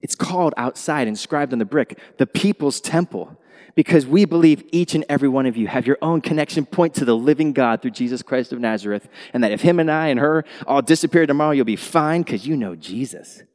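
Animated male pastor in an echoing hall. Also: mid-range voice, brisk. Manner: animated, swings from quiet to loud exclamations. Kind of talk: sermon. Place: church sanctuary. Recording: long hall reverb.

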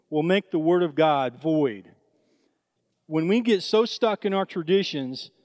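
A man's voice: on the high side, darkish tone. Conversational male church speaker. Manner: conversational, many fillers and asides to the congregation. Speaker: lay preacher. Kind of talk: sermon.

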